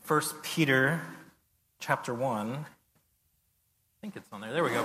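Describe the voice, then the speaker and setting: A man delivers a sermon in a casual, story-driven way. His voice is bright and forceful. It rings with the long reverb of a large hall. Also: medium pitch, takes it slowly, long pauses, slight background noise. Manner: conversational, animated storytelling with acted-out reactions. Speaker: pastor. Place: church sanctuary.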